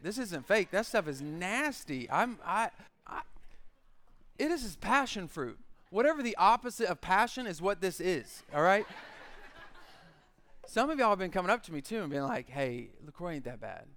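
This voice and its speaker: A man preaches a casual sermon full of jokes and quick acted-out lines. His voice sits high for a man. It sounds clean and smooth. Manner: animated, joking storyteller who acts out quotes. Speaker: pastor. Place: church.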